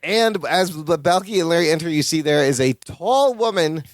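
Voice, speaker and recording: A man with a high, very lively voice chats through a sitcom recap, slipping into character voices to act out the lines. The sound is dry and close, with no room in it. He talks like a co-host trading jokes with a friend. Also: moderate pace, no echo. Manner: animated, acts out character voices while recapping. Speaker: podcast co-host. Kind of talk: casual chat recapping a sitcom.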